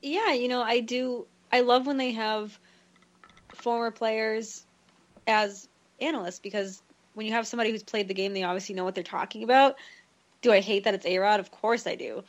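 A woman's voice: on the high side, steady tone, moderate pace. A woman co-hosting a casual sports podcast, frank and opinionated, with hesitant restarts. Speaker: podcast co-host.

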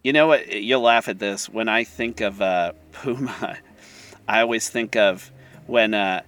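Low-voiced joking podcast co-host man. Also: measured pace, fairly bright tone. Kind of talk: casual chat.

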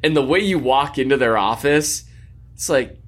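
A man's voice: medium pitch, normal speed, fairly bright tone. A man co-hosting a casual sports podcast, chatty and jokey, rambling through restarts. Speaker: podcast co-host.

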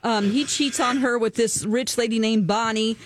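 A woman chatting casually as she recaps a movie plot, animated and full of ums, acting out the characters. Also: a little high, normal speed, dry recording, clean studio sound.

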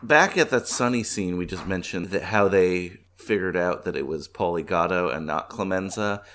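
A man's voice: low-pitched, normal speed, fairly bright tone, slight background noise. A man co-hosting a podcast, chatting casually and laughing often. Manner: laid-back, laughs often, does mock accents in quotes. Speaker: podcast co-host. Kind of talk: casual chat. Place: home.

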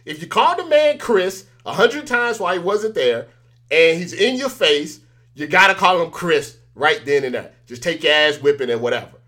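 Animated man with a bright voice. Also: fairly high pitch, moderate pace. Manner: animated storytelling, acts out quoted exchanges. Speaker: interview guest. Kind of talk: casual interview chat.

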